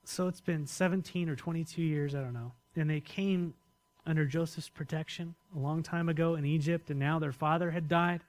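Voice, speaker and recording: Male pastor, relaxed sermon delivery, somewhat higher-pitched voice, asks the room questions. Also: moderate pace. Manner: conversational, asks the congregation questions.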